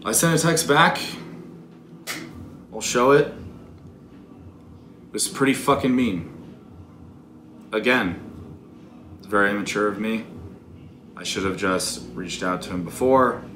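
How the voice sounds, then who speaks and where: A man's voice: lowish voice, slow, long pauses, fairly bright tone. A man in his twenties telling a story in casual, profane, candid talk. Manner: profane, candid, self-critical. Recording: echoey room with background noise.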